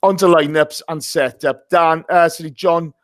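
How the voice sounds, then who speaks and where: A man's voice: fairly high pitch, fairly even intonation, normal speed. An English man hosting a casual football podcast, chatty and jokey, swearing freely. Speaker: podcast host.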